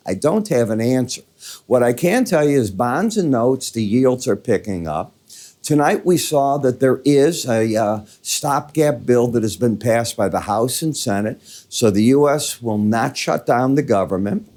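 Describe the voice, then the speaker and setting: A man's voice: mid-range voice, lively intonation, measured pace, darkish tone. An older man with a Midwestern American accent giving chatty, conversational market commentary, walking through charts with folksy asides.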